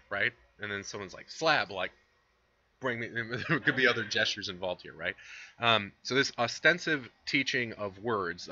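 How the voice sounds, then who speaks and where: A man's voice: lowish voice, bright, forceful tone, highs cut off. A man giving a casual recorded lecture on philosophy, explaining with fillers and conversational asides. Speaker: philosophy instructor.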